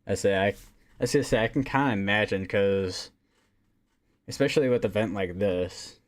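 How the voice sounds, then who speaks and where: Man, somewhat low voice, casual livestream weather host, halting, filler-heavy. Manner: rambling, hesitant, many fillers and restarts. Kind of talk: casual live weather commentary.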